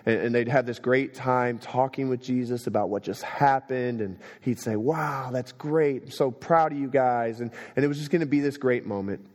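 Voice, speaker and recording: A young adult man preaching a sermon, telling stories and swinging between quiet moments and emphatic ones. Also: mid-range voice, normal speed, hardly any pauses. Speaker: pastor. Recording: long reverb of a hall.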